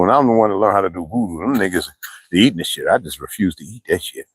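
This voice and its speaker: An older man from the East Coast chats with his livestream viewers, rambling and swearing freely. His pitch swings widely and stays animated as he talks. The sound is dry and close to the mic. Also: quick pace, husky, no room sound, low-quality recording. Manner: rambling, profane, reading and answering chat. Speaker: livestream host. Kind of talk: casual livestream chat with viewers.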